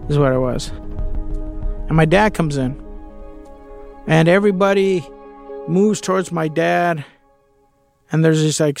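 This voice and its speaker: A man's voice: a little high, vocal fry. A man candidly telling a personal story in a conversational way, with the odd curse word. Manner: candid, conversational, with occasional swearing.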